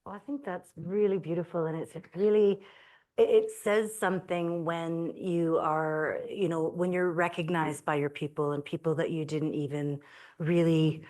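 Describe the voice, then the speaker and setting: A woman moderating a book talk as an associate professor, gentle and reflective, a little unsure of the format. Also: lowish voice, steady tone, normal speed.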